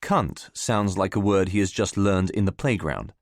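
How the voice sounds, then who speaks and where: A man narrating a novel in the first person, in a measured storytelling manner. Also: sits low, dry recording, studio quality. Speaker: audiobook narrator.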